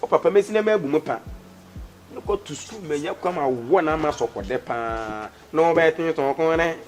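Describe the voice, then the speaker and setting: A man's voice: fairly high pitch, expressive, normal speed, soft background music, close to an everyday voice. A man with a Ghanaian accent playing a bossy, boastful husband and stepfather who repeats himself and slips into Twi. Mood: teasing. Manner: blustery, repeats himself, mixes English and Twi. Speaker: comic actor. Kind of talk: comedy skit acting.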